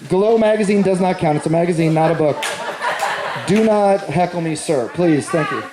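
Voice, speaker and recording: Fairly high in pitch and speaking at normal speed, a male comic works a live audience, telling a rambling, self-deprecating story and bantering with them. The venue is large and echoey, and the stage recording has a roomy quality.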